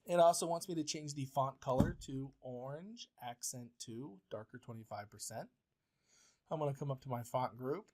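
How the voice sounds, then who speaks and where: Male instructor, mid-pitched, patient step-by-step screen-recorded tutorial delivery. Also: normal speed, a little mellow. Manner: step-by-step, plain and patient, with frequent uh fillers. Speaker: professor. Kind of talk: software tutorial walkthrough.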